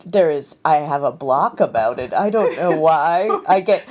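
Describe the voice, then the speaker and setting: Earnest woman with a lower voice. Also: expressive, a little slow, over a noisy crowd. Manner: earnest, self-conscious, rambling. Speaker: radio show co-host. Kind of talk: casual chat.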